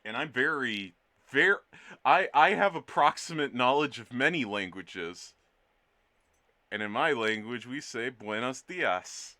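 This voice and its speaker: Slow, bright-voiced man chatting on stream. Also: medium pitch, expressive. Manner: playful, rambling, jokes with chat. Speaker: art streamer. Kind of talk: casual live-stream chat.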